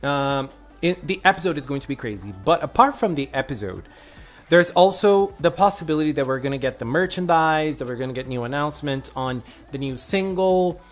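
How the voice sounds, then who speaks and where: Brief: excitable stream host, a little under the weather, middle pitch, soft music underneath. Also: brisk. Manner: excitable, gushing, greets viewers by name. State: a little sick. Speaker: live streamer greeting chat. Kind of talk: casual live stream chat.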